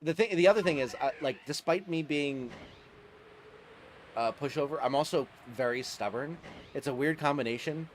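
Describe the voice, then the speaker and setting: A man's voice: a little high, moderate pace, slight background noise. Chatty man streaming, laughing often. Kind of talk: casual livestream chat.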